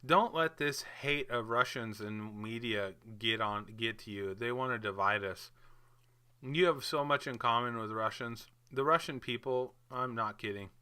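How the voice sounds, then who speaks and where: Unhurried and smooth, with a sharp tone at medium pitch, a man hosts a crypto market video. He gives casual screen-share commentary, talking viewers through the charts in a hyped, chatty, offhand manner.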